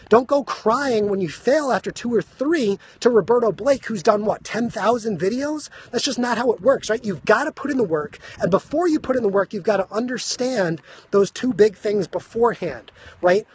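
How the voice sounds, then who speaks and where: A man giving a fast, emphatic motivational talk on a phone live stream, out of breath, and he keeps asking "right?". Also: high voice, a little hiss or hum. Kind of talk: energetic motivational talk to viewers. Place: high school grounds.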